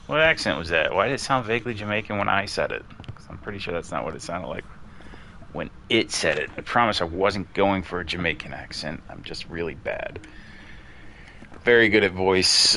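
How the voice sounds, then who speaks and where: A man with a low voice, crisp and bright on top, talks through a ghost hunt on a desk mic. He muses aloud in a chatty way and keeps calling out questions to the ghost. A faint hiss sits under his voice. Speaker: gamer streaming his play. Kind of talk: casual commentary while playing.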